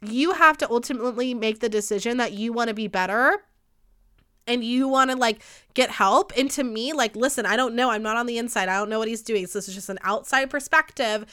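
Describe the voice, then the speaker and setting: A young woman hosting a podcast, ranting in a casual, profane, gossipy way with fast bursts and a lot of heat. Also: a little high, sharp tone, clean tone. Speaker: podcast host. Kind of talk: casual solo podcast rant. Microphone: studio microphone.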